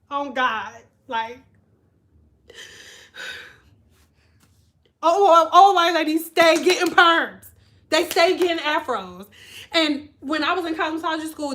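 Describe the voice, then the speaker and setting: High-voiced woman telling a lively story. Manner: animated, laughing, mimics clients' voices. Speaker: vlogger. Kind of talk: casual storytime chat.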